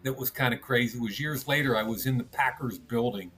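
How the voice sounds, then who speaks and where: A man working as a draft analyst, telling an energetic anecdote in an interview. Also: mid-range voice, a little fast, poor audio. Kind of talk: storytelling in an interview.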